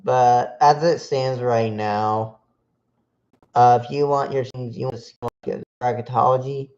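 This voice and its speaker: A man's voice: medium pitch, steady tone, a little slow, a little mellow. A man hosting a solo sports podcast stream, reading off team matchups with frequent fillers and restarts. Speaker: podcast host. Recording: dull lo-fi sound.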